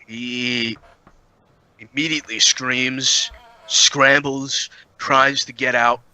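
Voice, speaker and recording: A man narrating as dungeon master for a tabletop game, describing scenes in a halting way with frequent pauses. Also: medium pitch, level tone, bright, forceful tone, low-quality recording.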